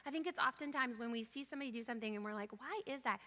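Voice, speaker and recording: A woman on a panel explaining things in a measured way. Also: on the high side, bright, forceful tone. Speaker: panel co-speaker. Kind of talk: explanatory talk. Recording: long reverb of a large hall.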